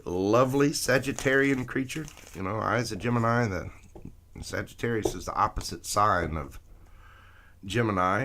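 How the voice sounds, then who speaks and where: A man's voice: fairly low pitch, noisy background. A man reading tarot cards on a live stream, chatting with viewers and greeting them by name. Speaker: tarot reader.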